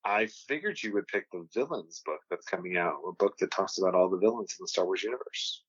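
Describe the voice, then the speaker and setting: Low-voiced podcast co-host, lo-fi sound. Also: male voice, expressive, quick pace, a bit bright, husky, dry recording. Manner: easygoing, promotional asides. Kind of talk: casual chat. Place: home studio on video.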